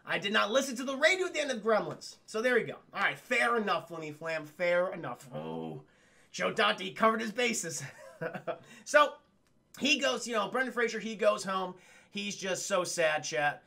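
Bright-voiced man rambling to his stream chat. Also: high voice, expressive, normal speed, vocal fry. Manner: rambling, profane, keeps addressing the chat. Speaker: streamer reviewing a film. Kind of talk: casual livestream recap to chat.

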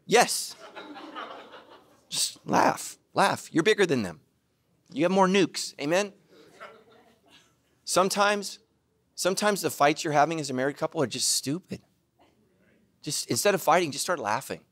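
A middle-aged man preaching a sermon, self-mocking and animated, now and then bursting into shouts. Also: a little high, normal speed, pauses often. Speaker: pastor.

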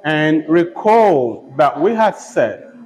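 A man teaching a poetry lesson, speaking slowly and repeating key points, often checking in with "okay?" and "all right?". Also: on the high side, very animated, darkish tone, rough recording. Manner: slow, repetitive, checks in with "okay?". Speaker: literature teacher. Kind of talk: classroom lecture.

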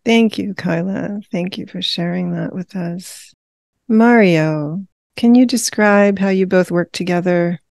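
A woman interviewer with a lowish, warm voice asks measured, affirming questions. The sound is dry and close. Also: gravelly, dry recording.

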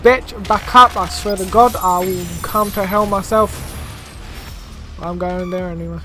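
A young man playing a shooter game, swearing and shouting trash talk at the enemies as he plays. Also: high voice, fairly even intonation, unhurried, soft background music. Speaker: gamer. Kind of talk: let's play commentary.

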